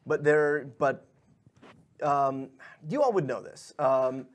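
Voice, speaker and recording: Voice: medium pitch, slow pace. A game master narrating a tabletop game in a loose, hesitant way with many fillers.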